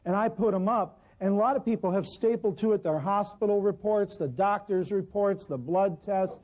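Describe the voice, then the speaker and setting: An American man, an herbal practitioner, telling humorous stories to a live audience and clearing his throat often. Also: high voice, normal speed, darkish tone. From United States.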